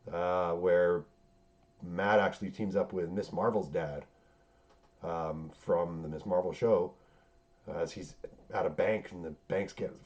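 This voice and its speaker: A man's voice: low-pitched, darkish tone. A man hosting a podcast in a loose, rambling chat, full of swearing and fillers. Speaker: podcast host recapping a TV series. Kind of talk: casual chat. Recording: dull lo-fi sound.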